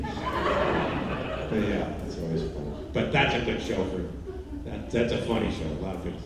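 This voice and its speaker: Playful male panelist, lively pitch, distant echoey hall sound. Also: unhurried. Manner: joking, excitable, breaks into voices. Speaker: voice actor panelist. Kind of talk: convention panel banter. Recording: echoey hall from far off, noisy.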